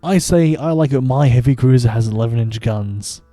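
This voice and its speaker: A man's voice: mid-range voice, moderate pace, mellow, no echo. A man streaming a video game, giving casual, wry commentary with frequent chuckles. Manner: wry, amused, chuckles often.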